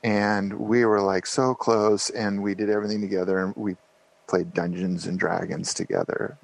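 A man in his fifties, guesting on a podcast, tells a rambling story packed with fillers and restarts in a casual interview. His voice is lowish, gravelly and fairly flat, at a moderate pace, and the recording is rough.

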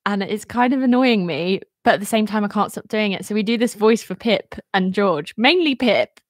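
A woman's voice: mid-range voice, animated, moderate pace, dry recording. A woman chatting casually on her podcast, laughing between her sentences. Her voice sits mid-range and sounds close and dry. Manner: giggly, chatty. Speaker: podcast co-host. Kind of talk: casual chat.

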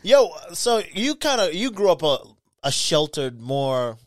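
A young man in casual chat, reacting with quick interjections and swearing, asking his friends questions. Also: fairly high pitch, big pitch swings, background noise.

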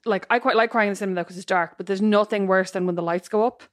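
Woman, talks fast and chatty, teases her cohost, dry mic. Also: medium pitch, fairly even intonation, dry recording. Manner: quick, chatty, teasing. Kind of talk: casual chat.

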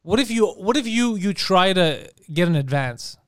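A man co-hosting a podcast, telling a comedic story in a profane, animated way and acting out the voices of the people in it. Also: high voice, normal speed, dry recording, studio quality. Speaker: podcast co-host.

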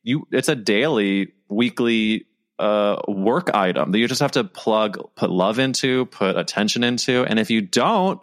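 A man with a lowish voice hosts a casual podcast. He asks questions eagerly, agrees warmly with his guest and tosses in playful asides. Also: lively intonation, a little slow. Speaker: podcast host.

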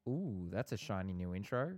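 A man's voice: on the low side, sing-song, normal speed, loud music behind the voice. A young man co-hosting a casual podcast with his brother, bantering playfully with light sarcasm. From Australia. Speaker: podcast co-host.

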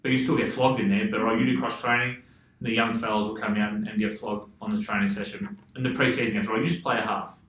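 A man's voice: fairly low pitch, little pitch movement, fast, a bit bright, echoey room, rough recording. A man with an Australian accent telling loose, rambling stories in casual chat, swearing freely and laughing often. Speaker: podcast guest, former footballer.

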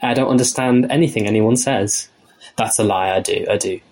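A man's voice: lowish voice, fairly quick, a little mellow. A young man from the north of England with a slight northern accent, co-hosting a podcast in wry, chatty conversation. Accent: slight northern English. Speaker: podcast co-host. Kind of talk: casual chat.

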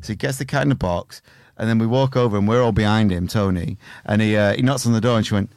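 A man's voice: lowish voice, fast talker, a little mellow, no echo. A man co-hosting a casual comedy podcast, telling rambling, sweary anecdotes. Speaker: podcast co-host.

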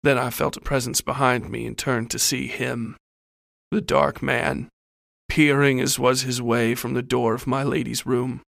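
A man's voice: medium pitch, little pitch movement, a little slow, gravelly, a bit bright, no echo, studio quality. A man reading a first-person horror story in a scripted narration style.

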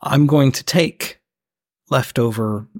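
A man with a Southern US accent co-hosting a casual podcast chat, with teasing, deadpan banter. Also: medium pitch, takes it slowly, dry recording, studio quality. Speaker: podcast co-host.

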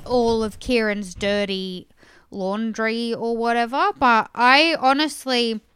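A woman's voice: fairly high pitch, steady tone, takes it slowly, fairly bright tone, clear, resonant tone, dry recording, studio quality. A young woman co-hosting a casual recap chat, frank and openly irritated, swearing freely. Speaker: podcast co-host.

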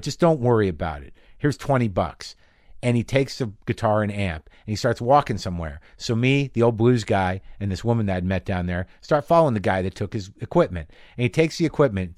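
A middle-aged man hosting a podcast from his garage, telling rambling stories in an animated way, swearing freely. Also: fairly low pitch, no echo, studio quality. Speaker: podcast host. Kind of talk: casual monologue. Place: home garage.

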